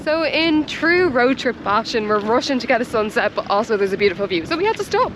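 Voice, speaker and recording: A woman's voice: a little high, very animated, fairly quick. Chatty Irish woman vlogging on a windy coast. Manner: bubbly, chatty, laughs often. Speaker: travel vlogger. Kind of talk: casual travel vlog narration. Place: outdoors on a windy coast and in a camper van. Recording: outdoor recording with clear wind noise.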